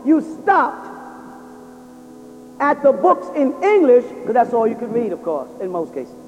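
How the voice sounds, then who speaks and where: His pitch very high and swinging widely, a man speaks at a measured pace in a religious lecture, firing rhetorical questions at his listeners. It's a sermon to an audience, recorded dull and lo-fi in a reverberant hall with a bit of hiss or hum.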